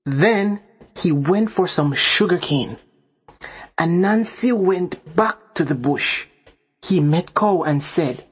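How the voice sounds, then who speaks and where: A woman telling a children's folk story, slow and deliberate. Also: sits low, animated, breathy edge.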